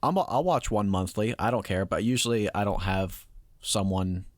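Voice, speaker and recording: A lower-voiced man co-hosts a relaxed podcast, rambling and hedging with lots of "um" and "I don't know." The sound is close and dry. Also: moderate pace, no room sound. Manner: hesitant, rambling with many fillers. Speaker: podcast co-host. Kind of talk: casual chat.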